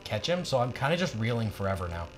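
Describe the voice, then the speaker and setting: A man's voice: fairly low pitch, sing-song, fast, over music. A young man playing a video game and chatting casually in a dry, sarcastic way. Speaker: let's play co-host. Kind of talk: casual gaming chat.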